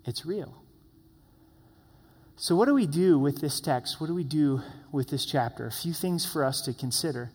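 A man's voice: a little high, expressive, normal speed, darkish tone, husky. Earnest male pastor preaching in a hall. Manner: earnest, acts out quoted voices. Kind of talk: sermon.

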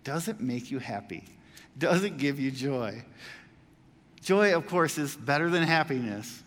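A man giving a casual, conversational sermon as a pastor, swinging between loud emphatic lines and quiet asides. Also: medium pitch, animated, unhurried, long reverb tail.

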